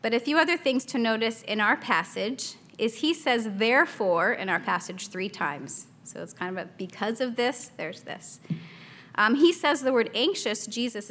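A woman's voice: fairly high pitch, fairly bright tone. A woman in her thirties teaching a Bible study in a chatty, casual way, laughing often and acting out a toddler's small voice.

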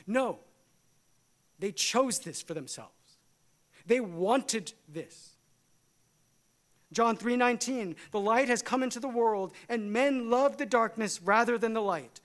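Male pastor, high voice, emphatic sermon delivery in a church. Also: fairly bright tone. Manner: emphatic preaching, rising and falling.

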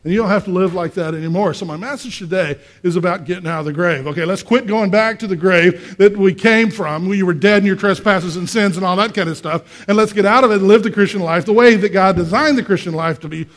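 A male pastor preaching a conversational sermon, asking the congregation questions and swinging between quiet and loud. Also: high-pitched, fast talker, few pauses. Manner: acts out voices in quotes, swings from quiet to loud.

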